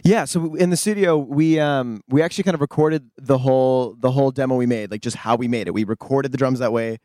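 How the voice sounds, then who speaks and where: A man's voice: medium pitch, brisk, no echo. A young man from the United States who plays in a rock band, telling a studio story in an interview, acting out quotes and humming riffs. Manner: animated storyteller, acts out quotes and hums riffs. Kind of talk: casual interview anecdote.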